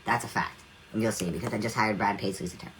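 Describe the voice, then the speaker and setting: A man's voice: on the low side, steady tone, fast, a bit bright, slight background noise, low-quality recording. Defiant man demanding support. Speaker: singer. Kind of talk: livestream rant.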